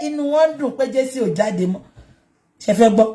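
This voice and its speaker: Brief: Nigerian Yoruba-accented woman commentator, high and animated, emphatic, raises her voice often. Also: fast talker. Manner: emphatic, switches between English and Yoruba, bursts into shouting. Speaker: online commentator. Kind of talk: heated commentary vlog.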